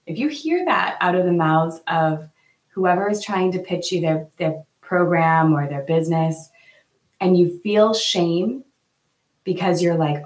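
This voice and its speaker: Low-voiced woman talking to viewers. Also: unhurried, reverberant, poor audio. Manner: earnest, chatty, many fillers. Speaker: host. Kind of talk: casual live talk to viewers.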